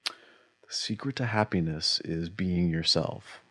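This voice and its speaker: Male podcast co-host, low voice, animated storyteller, dry studio sound. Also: slow, no room sound. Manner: animated storyteller, acts out quoted dialogue. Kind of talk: casual conversation.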